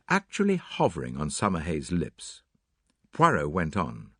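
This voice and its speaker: A man reading a mystery novel aloud as an audiobook narrator, with an expressive, dramatic delivery. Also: low voice, normal speed, husky, dry recording, studio quality. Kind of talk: scripted narration.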